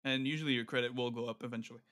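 A man's voice: mid-range voice, steady tone, racing, fairly bright tone. A man chatting playfully with a friend during a casual game stream, laughing often. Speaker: guest streamer. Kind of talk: casual gaming stream chat.

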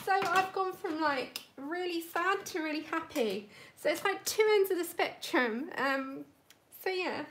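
A woman's voice: very high-pitched, a little slow, fairly bright tone, a little hiss or hum. A woman hosting a live colouring stream, chatting casually and rambling as she greets viewers by name. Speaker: livestream host.

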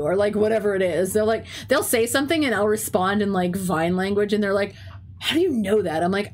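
A woman's voice: medium pitch, brisk. A young woman talking casually on her stream, telling stories in a chatty way full of "like" and swearing, with a stuffy runny nose. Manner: chatty storytelling with frequent "like" and swearing. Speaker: teacher and game streamer. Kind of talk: casual chat while streaming.

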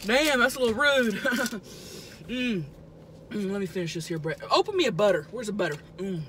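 A woman's voice: mid-range voice, lively intonation, normal speed, fairly bright tone, a little hiss or hum, close to an everyday voice. Woman playing a brash trailer-park gal. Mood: boastful. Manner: brash, crude, chews noisily while talking. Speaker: mukbang vlogger character. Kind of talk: improvised character comedy. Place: inside a car.

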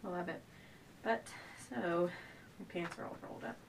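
A young pregnant stay-at-home mom vlogs from inside her home, talking casually at a moderate pace in a creaky voice. She rambles, restarts sentences, and is often a bit out of breath. She sits a little far from the camera, and a faint low rumble can be heard.

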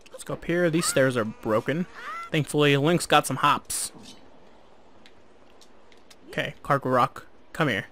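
A man giving relaxed, chatty, self-deprecating commentary while playing a video game. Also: mid-range voice. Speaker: let's play host. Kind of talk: casual gameplay commentary.

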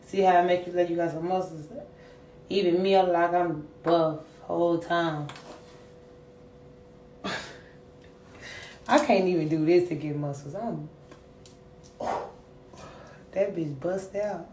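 A woman's voice: on the low side, a little mellow, roomy sound, distant mic, slight background noise. A young woman chatting casually on a livestream, brashly roasting commenters with heavy profanity. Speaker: livestream host. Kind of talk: casual livestream chat with viewers.

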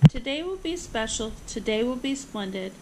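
A woman's voice: fairly high pitch, lively intonation, normal speed, heavy background noise, lightly acted. A woman reading a storybook aloud, voicing an upbeat, easily flustered mother in a soothing, singsong way. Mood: reassuring.

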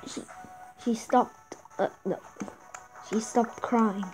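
A woman giving casual commentary on her own gameplay, reading the game's text aloud with excited outbursts. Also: a little high, slow, pauses often, low-quality recording. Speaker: gameplay video host. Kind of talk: casual let's-play commentary. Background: game music.

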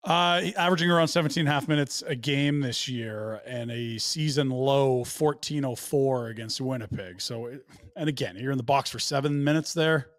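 A man co-hosting a casual sports podcast, talking in a measured, analytical way and giving context and numbers. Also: mid-range voice, no echo, clean studio sound. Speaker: podcast co-host.

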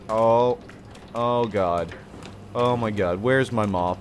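A man's voice: medium pitch, moderate pace, slight background noise. A man doing gameplay commentary on a horror game, joking to himself and blurting startled exclamations. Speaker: let's play host. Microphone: desk mic with face cam.

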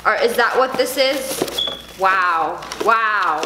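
A woman's voice: medium pitch, expressive, very slow, reverberant, noisy background. A young woman in her twenties, a YouTuber chatting through an unboxing vlog with a bubbly, sarcastic, giggly manner.

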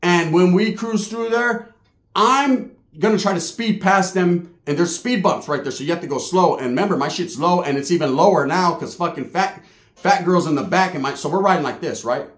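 A man's voice: sits high, normal speed, echoey room. A man doing stand-up, telling a profane, slang-filled story and acting out the quotes. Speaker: stand-up comedian.

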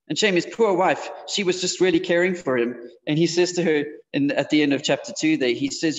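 A man with a somewhat high voice preaches to teens in a loose, chatty way, dropping fillers as he goes. The sound is dull and slightly muffled, and his words ring out with a long tail of reverb from the hall. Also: fast, few pauses. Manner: casual, conversational, with frequent fillers. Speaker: youth preacher. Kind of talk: sermon to teenagers. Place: church hall.

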